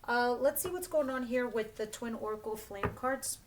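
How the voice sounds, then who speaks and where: Slightly high-voiced and speaking at a moderate pace, a woman reads tarot informally for her channel. She comes across as chatty and blunt, with lots of filler words and phrases she restarts to fix.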